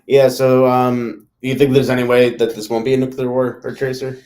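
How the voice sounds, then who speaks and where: A man's voice: mid-range voice, flat delivery, a little fast, a little mellow. A man hosting a casual live discussion, talking in a rambling way and filling his sentences with "like" and "you know.". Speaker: host.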